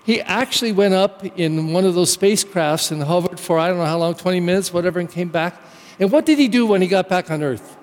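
A male pastor giving a sermon in an animated, conversational storytelling manner. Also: sits high, a little fast, long reverb tail.

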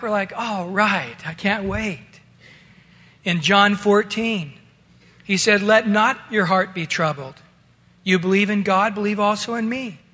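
A male pastor preaching a sermon in a relaxed, conversational way, talking to his listeners as guys. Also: sits high, in a large hall.

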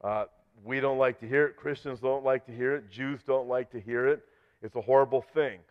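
A man delivers a sermon-style teaching on prophecy, his voice mid-pitched and earnest. He turns loud and forceful when he reads scripture aloud. The recording is a little dull and lo-fi. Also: steady tone, brisk, clean tone. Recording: slightly dull lo-fi audio.

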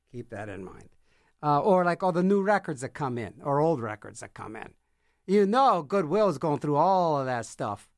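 A man's voice: fairly high pitch, no echo, studio quality. A man hosting a music radio show, chatting casually between records and rambling through jokes and acted-out little scenes.

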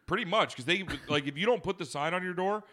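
A man's voice: sits high, quick pace, sharp tone. A young man telling a rambling trip story in a casual podcast chat, swearing and laughing often. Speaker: podcast co-host.

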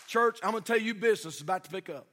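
A pastor, a man, preaches from the pulpit in a strikingly high voice. His tone is bright and forceful, and he animates stories with mimicked voices, swinging from loud exhortation to hushed tenderness. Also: very fast, in a large hall, a little hiss or hum. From United States. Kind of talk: sermon. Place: church sanctuary.

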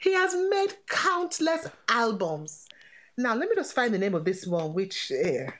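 A middle-aged woman chatting as a guest on a comedic podcast, animated and laughing through her talk. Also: on the high side, unhurried.

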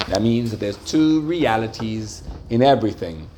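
A man's voice: lowish voice, expressive, moderate pace, hardly any pauses, noisy background. A man giving a religious lecture to a live group, often asking them questions and checking that they follow. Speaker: religious teacher.

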